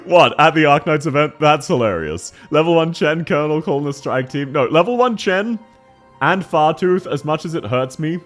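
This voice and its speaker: A man streaming casually and reviewing viewers' game accounts, talking quickly and excitedly as he reacts to chat. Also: a little high, faint music behind.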